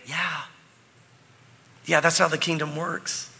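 A man preaching an animated sermon in a church hall. His voice is high, bright and slightly husky, and it rings with long reverb. He slips in and out of the parable's characters as he talks. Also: unhurried, long pauses. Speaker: pastor.

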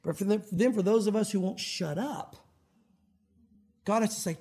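A middle-aged man preaching a sermon as pastor, animated and acting out quoted voices. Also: sits high, moderate pace, pauses often, slightly rough.

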